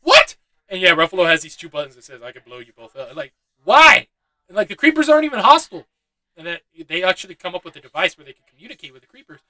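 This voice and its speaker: A man's voice: high voice, big pitch swings, very fast, sharp tone, no room sound, low-quality recording. A young man giving a loose, chatty movie review, swearing freely and laughing at his own asides. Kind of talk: casual spoken film review.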